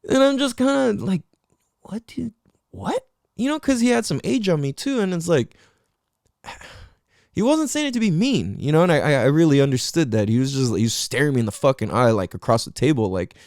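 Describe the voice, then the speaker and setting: A young man at mid pitch whose voice swoops up and down as he talks, recorded close and dry with no room sound. He tells a personal story on his podcast in loose, profane slang and keeps dropping in fillers like "you know". It is a casual, candid monologue. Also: animated, a little fast, darkish tone, no room sound. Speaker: podcast host.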